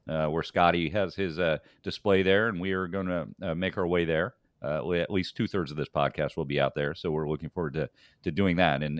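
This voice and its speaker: A man's voice: low-pitched, dry recording, clean studio sound. A middle-aged man hosting a podcast, talking casually with many halts and fillers. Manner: halting, filler-heavy. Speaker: podcast host.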